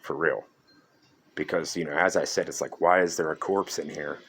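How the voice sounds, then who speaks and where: A man's voice: rumbling low, steady tone, normal speed, a bit bright, slight background noise. A young man casually ranting through a horror movie review, profane, sarcastic and exasperated.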